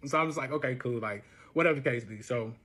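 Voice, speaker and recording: A man's voice: medium pitch, fast talker, slight background noise. A young man telling a personal story in casual storytime style, swearing often and acting out quotes in a raised voice. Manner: profane, animated, acts out quotes in a raised voice. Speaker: storyteller guest.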